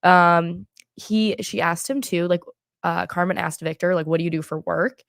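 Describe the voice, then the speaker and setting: A young woman hosts a casual reality show recap, rambling and chatty with plenty of fillers. Her voice sits a little low and crackles with heavy fry. The sound is close and dry. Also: steady tone, normal speed, no room sound.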